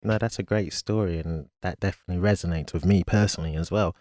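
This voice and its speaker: A man hosting a podcast, asking questions in a relaxed, casual way. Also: low voice, fast talker, no echo, clean studio sound. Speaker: podcast host. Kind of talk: casual interview.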